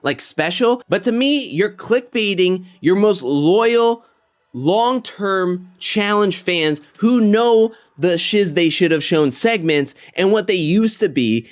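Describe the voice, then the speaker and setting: A man hosting a casual commentary show, talking in an animated way and getting worked up as he rants. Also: sits high, slow. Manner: animated, gets worked up and ranty. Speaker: reality TV commentary host.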